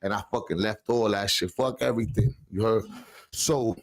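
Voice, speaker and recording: A man's voice: on the low side, moderate pace, no echo. A man, a podcast guest telling a long personal story in heavy street slang, checking in with "you heard?". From the Bronx, New York. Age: 40s. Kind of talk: casual storytelling.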